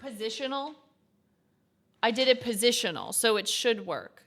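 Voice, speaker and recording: A woman's voice: a little high, very animated, moderate pace, fairly bright tone. A young woman streaming as she codes, thinking aloud and reading lesson text half to herself. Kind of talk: casual coding stream commentary.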